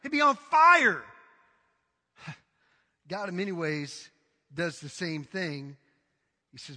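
A male pastor delivers an emphatic, dramatic sermon in a high, ringing, bright voice. His words echo with a long reverb through a church hall. He often breaks into acted-out quotes. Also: sing-song, slow, pauses often.

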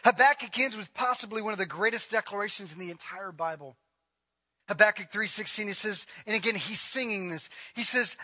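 High, bright-voiced male preacher. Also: brisk. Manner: emphatic preaching, swinging between loud and hushed. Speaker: pastor. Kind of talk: sermon.

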